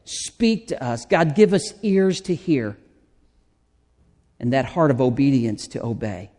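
A man preaching a sermon in a church, slow and deliberate, drawing out his phrases. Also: mid-range voice, lively intonation, mellow. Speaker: pastor. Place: church sanctuary. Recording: long hall reverb.

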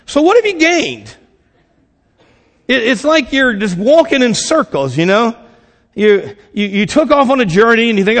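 A man's voice: extremely high pitch, very animated, moderate pace, a bit bright, big-room sound. A man preaching a casual, conversational sermon, asking the congregation questions and acting out little quoted voices. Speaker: pastor.

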